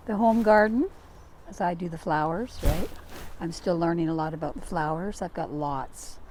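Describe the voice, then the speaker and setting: A woman's voice: mid-range voice, a little mellow, slight background noise. An older woman with a Scottish accent chatting casually while working outdoors in a garden, rambling a little and poking fun at herself. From Scotland. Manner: chatty, rambling, self-deprecating. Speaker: gardening vlogger.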